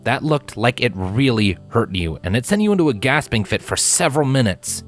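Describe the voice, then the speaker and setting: A man voicing a young human man who acts as a caring but stern father, firm and deliberate in his speech. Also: medium pitch, animated, faint music behind, voice pushed up, lightly acted.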